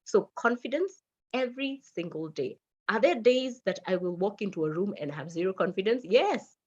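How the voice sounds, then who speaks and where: A middle-aged Kenyan woman with a Kenyan accent, a radio manager giving a lively motivational talk and slipping into Swahili phrases. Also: mid-range voice, moderate pace, breathy edge, highs cut off.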